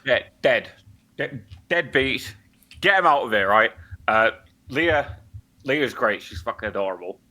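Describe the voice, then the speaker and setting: A young man chatting on a podcast with a bright, forceful voice. He is blunt and swears often, stringing thoughts together with plenty of fillers. His pitch sits in the middle for a man. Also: animated, unhurried, pauses often. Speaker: podcast co-host. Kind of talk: casual chat.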